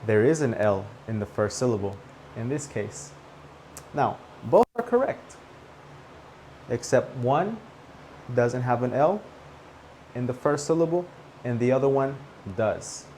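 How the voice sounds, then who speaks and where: A man teaching English pronunciation, slowly over-articulating each word to camera. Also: mid-range voice, expressive, darkish tone, slight background noise, poor audio. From Latin America. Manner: slow, carefully over-articulated demonstrations.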